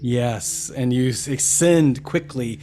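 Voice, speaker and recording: A man's voice: medium pitch, slow, mellow, soft background music. Man narrating as game master. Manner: theatrical, descriptive narration.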